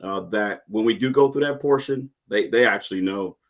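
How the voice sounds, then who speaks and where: A middle-aged man, a retired Marine, talking in a casual interview with earnest, animated storytelling and frequent restarts. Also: lowish voice, moderate pace. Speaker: guest, retired Marine and podcast host.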